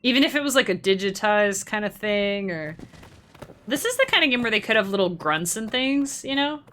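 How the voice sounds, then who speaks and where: Bright-voiced chatty woman streamer. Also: medium pitch, expressive. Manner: chatty, talks to chat, quick laughs. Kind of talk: casual live-stream chat while gaming.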